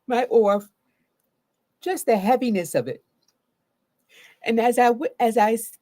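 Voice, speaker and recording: A woman therapist talks live to her viewers, her fairly high voice rising and falling with a lot of movement. She acts out her own reactions as she goes, speaking with plenty of feeling. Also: a little mellow. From Baltimore, Maryland. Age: adult with a grown daughter.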